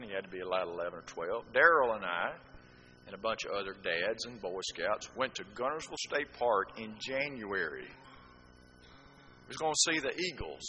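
A man's voice: lowish voice, pushed and bright, in a large hall, dull audio, slight background noise. A man preaching a sermon, telling folksy stories with rhetorical asides.

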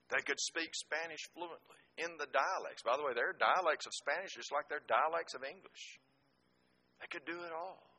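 A middle-aged man preaching a sermon, swinging from booming emphasis to slow, hushed scripture reading. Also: slightly rough.

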